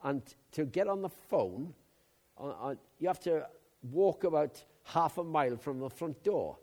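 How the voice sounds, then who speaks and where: Preacher with a high-pitched voice. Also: male voice, animated, unhurried. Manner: chatty storytelling with loud emphatic bursts. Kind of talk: sermon with personal anecdotes.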